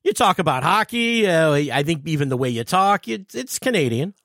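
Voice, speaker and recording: Male podcast host, lively voice, higher pitch, laughs a lot, dry sound. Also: moderate pace, no echo. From Detroit area, USA. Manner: eager, laughs often, trails off mid-sentence. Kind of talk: casual podcast interview.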